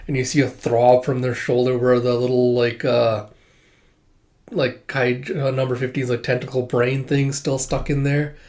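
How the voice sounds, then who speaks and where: A young man hosts a casual manga read-through, describing each panel as he goes. His voice sits at a middle pitch and he rambles loosely, filling gaps with "like" and "uh". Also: level tone, moderate pace, a little mellow. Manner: rambling, many fillers and likes.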